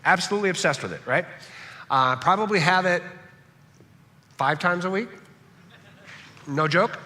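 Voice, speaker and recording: Bright-voiced pastor man preaching. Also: high-pitched, moderate pace. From Southern California. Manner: animated, joking asides, frequent "right?". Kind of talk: sermon. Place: large church hall. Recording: echoey church hall.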